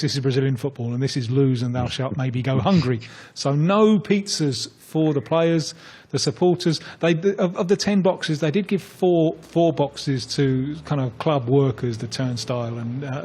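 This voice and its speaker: A man's voice: mid-range voice, moderate pace, darkish tone, breathy edge. A man talking as a football pundit on a radio phone-in, telling a story in a hesitant way and often repeating his words.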